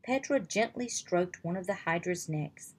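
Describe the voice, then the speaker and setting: A woman reading a children's chapter book aloud in slow, even storytelling. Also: on the low side. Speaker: reader.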